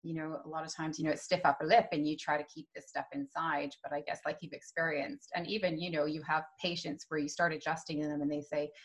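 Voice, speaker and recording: A woman's voice: deep voice, fairly even intonation, quick pace, hardly any pauses. A woman hosting an interview, chatty and loose, with many fillers. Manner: chatty, many ums and you-knows. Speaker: podcast host interviewing a chiropractor. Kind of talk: casual interview chat.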